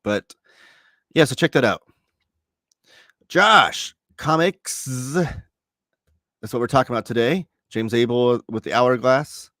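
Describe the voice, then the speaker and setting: A man in his thirties hosting a live stream from home, chatting casually and reading out viewer comments in a relaxed, rambling way. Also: medium pitch, takes it slowly, long pauses, dry recording, studio quality. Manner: relaxed, rambling, reads chat messages aloud. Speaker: host. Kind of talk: casual livestream chat.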